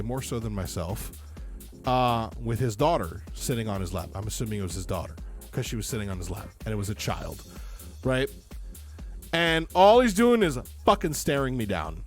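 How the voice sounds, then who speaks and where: A man streaming, telling a story in casual chat, exasperated and swearing freely. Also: medium pitch. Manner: animated, exasperated, profane.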